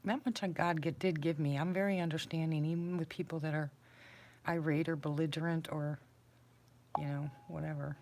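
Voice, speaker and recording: A woman's voice: low voice, fairly even intonation, fairly quick, darkish tone. A woman hosting a casual livestream, chatting with viewers in a rambling, self-deprecating way while sitting on the floor indoors. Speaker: livestream host.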